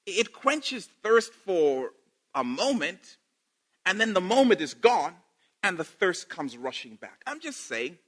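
A man preaching a sermon in a playful, animated way, laughing and repeating phrases for emphasis. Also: sits high, slow, breathy edge.

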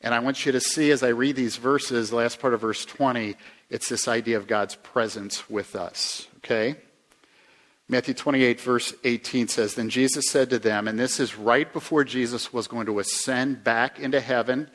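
With a steady tone and moderate pace, a pastor gives a conversational sermon. He questions those listening and shifts between emphatic rises and low, quiet asides.

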